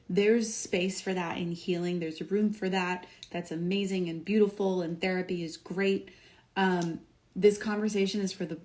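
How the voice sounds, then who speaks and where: A young adult woman, a doctor and wellness coach, gives a casual motivational talk on a livestream in a lowish, slightly mellow voice. She sounds upbeat and emphatic, filling her speech with lots of "like" and "um."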